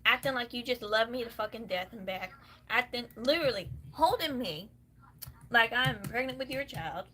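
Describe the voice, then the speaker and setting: A woman's voice: fairly high pitch, lively intonation, moderate pace, pushed and bright, a little hiss or hum. A woman with a Southern US accent venting angrily and bluntly to camera, swearing freely. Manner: profane, heated, blunt. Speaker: vlogger. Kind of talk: angry venting rant.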